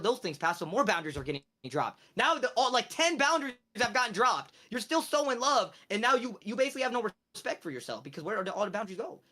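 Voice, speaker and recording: Brief: male streamer, rapid-fire, preachy, emphatic swings between soft and loud. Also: high-pitched. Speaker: live streamer. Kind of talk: casual stream chat, giving life advice.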